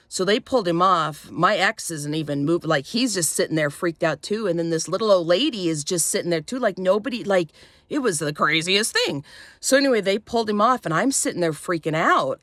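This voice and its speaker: Low-voiced woman telling a rambling story. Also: animated, a bit bright, no echo. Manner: rambling, halting retelling with many fillers; shaken, tense when recounting fear. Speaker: vlogger. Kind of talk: personal story time.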